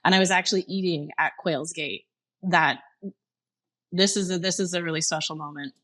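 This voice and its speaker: A middle-aged woman from Canada, a chef guest on a podcast, telling her story in a lively conversational way. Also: moderate pace, no room sound. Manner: animated, acts out dialogue in a higher voice, laughs often.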